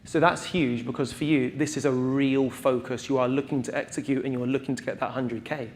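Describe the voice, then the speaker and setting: A man's voice: mid-range voice, fairly even intonation, a little fast, slight background noise. A man hosting a press conference, introducing athletes and asking questions in an upbeat, showy way.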